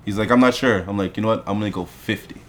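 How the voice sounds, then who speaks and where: A man casually telling an animated story in conversation, acting out the people he quotes. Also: on the low side, fast talker. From Canada.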